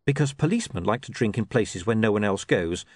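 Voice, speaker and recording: A man's voice: on the low side, lively intonation, a little fast, darkish tone, no room sound. A man reading a comic novel aloud as narrator, with wry, dry storytelling. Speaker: audiobook narrator. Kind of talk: scripted narration.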